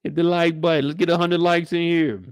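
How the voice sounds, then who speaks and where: A young man hosting a casual livestream recap, animated and profane, often leaping into high exclamations. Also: brisk, clean tone, dry recording, studio quality. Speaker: show host.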